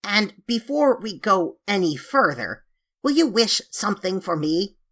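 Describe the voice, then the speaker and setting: A woman's voice: medium pitch, very animated, a little slow, fairly bright tone, pitched above the performer's own voice. A woman playing a grumbling, grumpy sand fairy. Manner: gruff and complaining, voice cracking. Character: grumpy, self-pitying male sand fairy.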